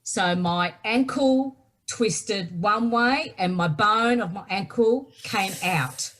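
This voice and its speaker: An Australian woman, here as a guest author, shares a personal story with emphasis, repeatedly asking "right?" Her mid-range voice is fairly bright and slow.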